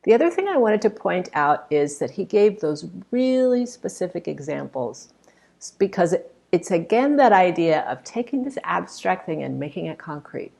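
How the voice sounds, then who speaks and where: Woman, speech coach, gravelly voice, lively pitch, emphatic critique. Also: moderate pace. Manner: explanatory, emphatic, gestures with voice to demonstrate. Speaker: public speaking coach.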